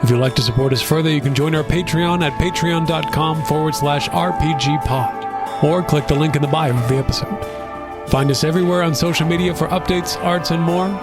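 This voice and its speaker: A man's voice: fairly high pitch, fairly even intonation, fairly quick, loud music behind the voice. A man narrating as game master of a tabletop game in a loose, chatty way with many fillers.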